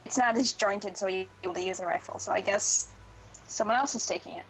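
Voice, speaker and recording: A woman's voice: medium pitch, fairly quick, poor audio. A woman playing a tabletop game who talks in a chatty, hesitant way with many fillers. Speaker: player.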